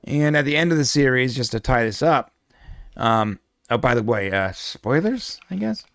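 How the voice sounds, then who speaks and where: A man's voice: medium pitch, lively intonation, moderate pace, a bit bright, no echo. A man co-hosting a pop culture show, chatting casually about a TV episode. He rambles and jokes, restarting his sentences as he goes. His voice is close to the mic, with almost no room sound. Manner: rambling, jokey, many restarts. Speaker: podcast co-host.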